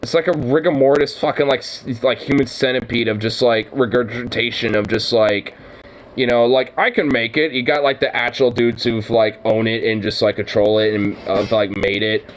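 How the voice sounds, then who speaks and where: A man's voice: medium pitch, fairly even intonation, moderate pace, slight background noise, rough recording. A man streaming his reaction to a video, ranting angrily and swearing constantly. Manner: angry, swearing rants. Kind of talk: profane reaction commentary.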